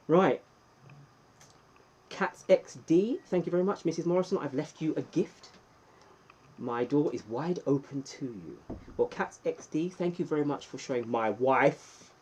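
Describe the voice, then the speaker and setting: A man hosts a casual live stream from home, reading out viewers' names and cheering them on. His voice is warm and mellow with a slightly husky edge, and he jumps into excited bursts between relaxed chatter. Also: fairly high pitch, poor audio. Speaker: livestream host.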